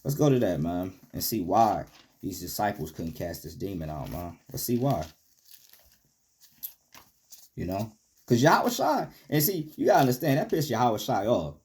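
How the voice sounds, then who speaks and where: A man in a mid-range voice leads a Bible lesson in relaxed street slang, reading old scripture and then translating it for his listeners. His pitch rises and falls a lot, climbing sharply on rebukes and sinking on quiet asides, and "man" caps off nearly every phrase. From United States. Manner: animated, swings from loud rebukes to low asides. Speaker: Bible teacher.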